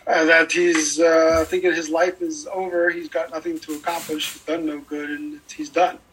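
A man's voice: on the high side, level tone, normal speed, fairly bright tone, a little hiss or hum. A man in the class giving tentative answers to the teacher's questions. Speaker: student. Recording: distant from the mic.

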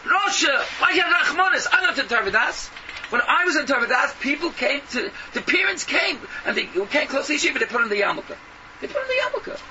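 Fervent high-voiced man preaching from afar. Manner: fervent, scolding, rhetorical questions, bursts of shouting. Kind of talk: impassioned sermon. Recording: distant, dull lo-fi, noisy.

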